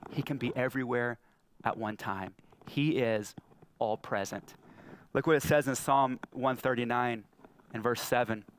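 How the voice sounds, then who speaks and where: A man in his thirties preaching a sermon, telling stories and acting out the lines he quotes. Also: a little slow. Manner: storytelling, acts out quotes with big pitch jumps. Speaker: pastor. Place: church hall.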